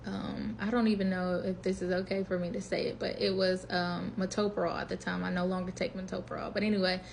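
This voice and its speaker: A woman's voice: fairly low pitch, fast talker, vocal fry, a little hiss or hum. A woman in her twenties telling a personal story in a casual, chatty vlog, acting out what she thought and said. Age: 20s. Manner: chatty, animated retelling with quoted inner voice. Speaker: vlogger.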